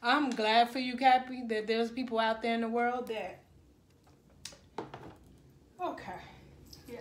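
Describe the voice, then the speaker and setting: A woman's voice: on the high side, fairly even intonation, measured pace, long pauses, roomy sound, a little hiss or hum. A woman giving a casual tarot reading straight to her viewers, emotional and full of exclamations. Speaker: tarot reader.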